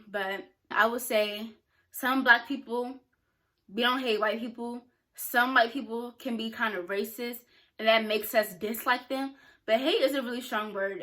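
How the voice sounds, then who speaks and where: A woman's voice: on the high side, bright, forceful tone. A young woman talking frankly and casually to camera, answering questions with plenty of filler words. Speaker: YouTuber.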